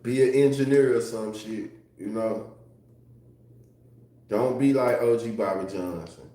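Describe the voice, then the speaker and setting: A man's voice: medium pitch, steady tone, measured pace, dark tone, a little hiss or hum. A man chatting casually on a livestream, loose and profane, reading chat and laughing often. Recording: very echoey room.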